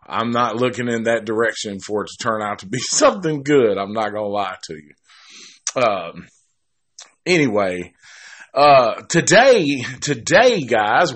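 This is a grown man reviewing a movie in a loose, meandering way, his mid-range voice carrying a bit of brightness. Profanity comes easily to him, and he often breaks off to start a sentence over.

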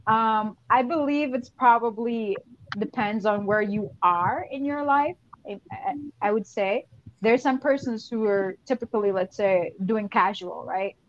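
A woman's voice: mid-range voice, measured pace, lo-fi sound, slight background noise. A woman guest in a casual panel discussion, stammering on restarts as she reasons her points through. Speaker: podcast guest.

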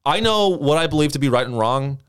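A young man co-hosting a podcast, telling a story in casual, animated talk with lots of swearing and acted-out quotes. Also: fairly high pitch, fairly quick, smooth, dry recording, clean studio sound. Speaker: podcast co-host.

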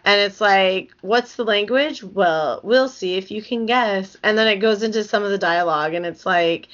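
A woman's voice: medium pitch, normal speed, few pauses, fairly bright tone, dull audio. A woman co-hosting a podcast in casual chat, enthusiastic as she reads from an article. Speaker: podcast co-host.

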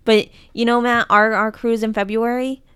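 A woman's voice: on the high side, flat delivery, normal speed, a bit bright, clear, resonant tone. A woman co-hosting a podcast in casual chat, reading listener comments and adding short remarks. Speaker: podcast co-host.

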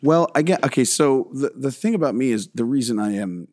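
A man's voice: medium pitch, expressive, a little fast, darkish tone, no echo, clean studio sound. A man guest on a podcast, talking about filmmaking in a rambling, self-deprecating way, swearing often and restarting his sentences. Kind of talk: casual podcast interview.

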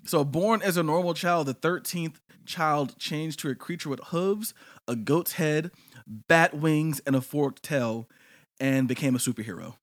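A man's voice: on the high side, unhurried. A man co-hosting a casual podcast chat, telling a folk legend with jokes and laughter. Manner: jokey, laughing storyteller. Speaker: podcast co-host.

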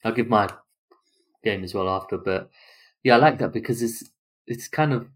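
A man co-hosting a casual football podcast, talking through matches in quick, chatty runs of possibilities. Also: fairly low pitch. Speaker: podcast co-host.

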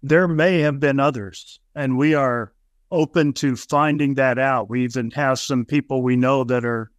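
A man co-hosting a podcast, speaking at a middle pitch. He weighs his words and phrases things deliberately. The recording is dry, with no echo. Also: steady tone. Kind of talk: podcast interview conversation.

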